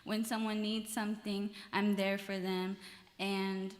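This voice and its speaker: A woman's voice: mid-range voice, little pitch movement, unhurried. A young woman answering a pageant question on stage, earnest and a little hesitant. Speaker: pageant contestant. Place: large auditorium. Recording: long hall reverb.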